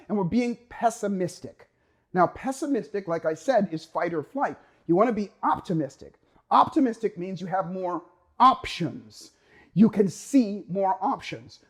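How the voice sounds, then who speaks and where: A man giving a motivational talk, energetic and emphatic, acting out the voice of a worried mind and stretching key words for effect. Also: high-pitched. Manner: energetic, acts out inner voices, drawn-out emphasis. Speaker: motivational speaker.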